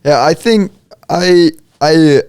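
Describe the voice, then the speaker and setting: A young man co-hosting a podcast, chatting casually and reading posts aloud in a relaxed, deliberate way with hesitant restarts. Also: a little high, clear, resonant tone, no room sound, studio quality. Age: young adult. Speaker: podcast co-host.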